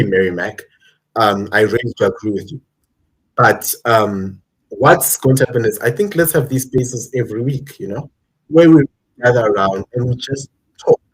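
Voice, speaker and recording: A man from South Africa hosts his own live stream and delivers heated political commentary straight to his viewers. His voice sits fairly low and comes across husky and a little rough. He rants with emphasis, hammering his points home. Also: rough recording. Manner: emphatic, ranting, addresses viewers directly. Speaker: channel host.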